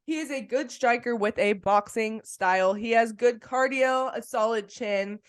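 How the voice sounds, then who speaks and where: Excitable woman cohosting a fight podcast, chatty and laughing a lot. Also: on the high side, measured pace, clean tone. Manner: enthusiastic, laughs often. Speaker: podcast co-host. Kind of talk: casual sports podcast chat.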